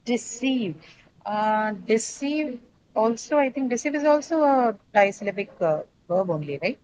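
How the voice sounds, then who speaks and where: A woman's voice: on the high side, big pitch swings, brisk, darkish tone, no room sound, muffled recording. Woman, English teacher, online lesson, patient explaining, tag questions, dry close mic. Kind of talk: online class lecture.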